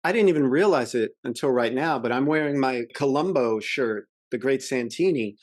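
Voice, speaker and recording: A man co-hosting a podcast, chatting casually about classic television and retelling episodes with animated enthusiasm. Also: mid-range voice, normal speed, no echo, studio quality. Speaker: podcast co-host.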